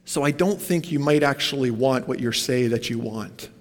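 In a large hall, a pastor delivers a church sermon in a medium-pitched voice at a moderate pace. His style is conversational: he asks the congregation questions and drifts into tangents.

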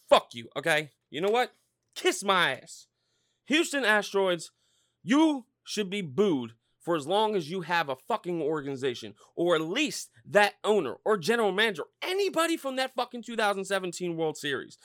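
Brief: foul-mouthed male podcast host, bright tense tone, dry close sound, rambling fired-up rant. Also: sits high, no room sound. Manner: loud, swearing, rambling and fired-up. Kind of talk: profane sports rant.

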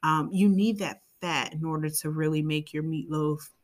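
A woman's voice: low-pitched, fairly even intonation, moderate pace. A woman co-hosting a podcast in a casual, chatty way, rambling into side tangents and playful asides. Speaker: podcast co-host. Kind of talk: casual chat.

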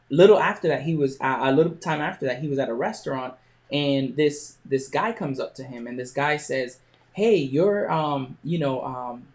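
A man hosting a podcast, telling a motivational story with frequent pauses and restarts. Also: mid-range voice, a little mellow. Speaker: podcast host.

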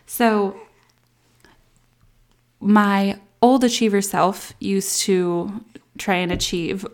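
Candid new mom vlogging at home. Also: female voice, mid-range voice. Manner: candid, reflective, soft baby talk asides. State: emotional, near tears at times. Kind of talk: casual confessional vlog.

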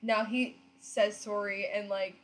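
A woman with a Western New York accent co-hosting a podcast, chiming in with wry quick remarks in casual chat. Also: mid-range voice, little pitch movement. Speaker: podcast co-host.

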